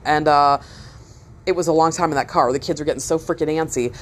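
A mother in her thirties tells a casual story in a slightly low voice, talking fairly quickly. Her retelling rambles, full of fillers and free swearing, and she trips over her words as her pitch rises and falls with growing animation.

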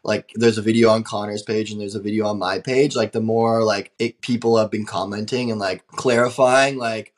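A man's voice: fairly low pitch, fairly even intonation, normal speed, few pauses. A young man telling a travel story in casual podcast chat, rambling with many fillers and frequent swearing. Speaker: guest traveler.

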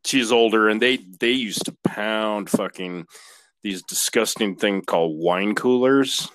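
A laid-back man with a lowish voice, reminiscing in easy, unhurried casual chat and cursing now and then. The recording is dry, with little room sound around him. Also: a bit bright, dry recording. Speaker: podcast guest.

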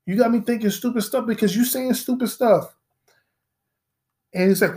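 A man's voice: very high voice, moderate pace, long pauses, darkish tone. A man hosting a solo podcast, telling a story as a profane, rambling rant and repeating himself in mock disbelief. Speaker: podcast host.

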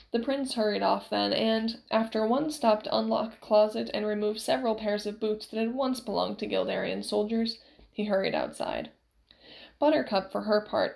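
A woman narrating a novel aloud in a measured, steady storytelling way. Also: medium pitch, creaky. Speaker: audiobook narrator.

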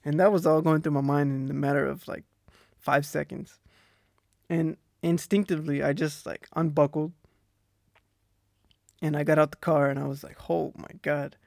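A young man with a Texan accent telling a personal story on his podcast in a relaxed, rambling way, laughing often. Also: a little high, normal speed, gravelly, pauses often, no echo, clean studio sound. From Texas. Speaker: podcast host. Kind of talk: casual storytelling monologue. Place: Australia.

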